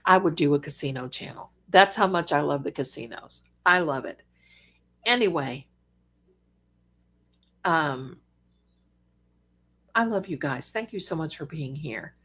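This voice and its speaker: This is an older woman chatting on her own live stream. She is fond of her viewers and calls them darlings, and now and then she gets excited. Her voice sits a little low. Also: unhurried, long pauses, slightly rough. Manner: bursts of lively excitement. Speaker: psychic livestream host. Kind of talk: casual live-stream chat.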